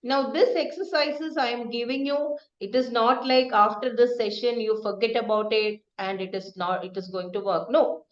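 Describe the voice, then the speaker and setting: Woman speaking coach, high and animated, quizzes the class and demonstrates emphasis; dull, roomy recording. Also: normal speed, hardly any pauses. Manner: lively, asks the group questions, acts out example sentences. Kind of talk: interactive online teaching session.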